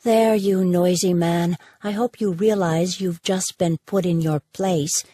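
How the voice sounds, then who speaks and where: Audiobook heroine: woman doing a husky, faintly Southern young woman, prim and tense, dry sound. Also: on the low side, fairly even intonation, measured pace, warm tone, dry recording. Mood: prim, annoyed. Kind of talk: audiobook character voice.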